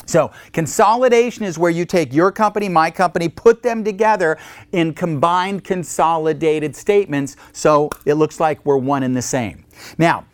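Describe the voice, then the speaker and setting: A male instructor giving a recorded accounting lecture in a lively, joking way, acting out short phone calls to explain his points. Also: on the high side, no echo. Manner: lively, jokey, acts out little phone calls.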